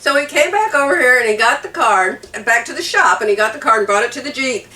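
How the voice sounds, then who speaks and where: Emotional and tearful, an older woman from the US vlogs casually, recounting a story to viewers and laughing as she talks. She speaks fast in a high, expressive voice that sounds pushed and bright, captured in an echoey room somewhat distant from the mic.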